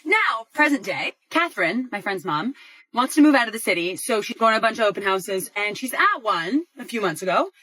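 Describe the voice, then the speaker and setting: A young woman casually narrating a gossipy story, animated and chatty, with lots of "like". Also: on the high side, a little fast, no room sound, poor audio.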